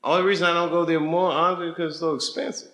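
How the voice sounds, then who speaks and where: A man's voice: fairly high pitch, level tone, very fast, pushed and bright. A man chatting casually with fans after a show, joking and laughing as he banters. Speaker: comedian. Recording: echoey room with background noise.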